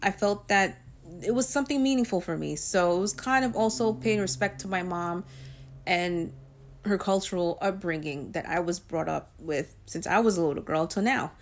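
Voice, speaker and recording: A woman's voice: lowish voice, moderate pace, slight background noise. Chatty woman telling a personal story. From Guyanese and Puerto Rican heritage. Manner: chatty, with frequent ums and likes. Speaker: vlogger.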